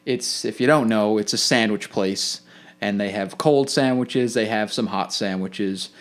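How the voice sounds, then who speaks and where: A man's voice: fairly low pitch, measured pace. Man ranting casually on a podcast. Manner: rambling, complaining, many restarts. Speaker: podcast co-host. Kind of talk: casual chat.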